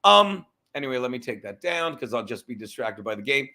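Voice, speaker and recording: A man's voice: medium pitch, very animated, a little fast, bright, forceful tone. A man hosting a livestream, ranting casually in a profane, rambling way and getting easily sidetracked. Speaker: livestream host.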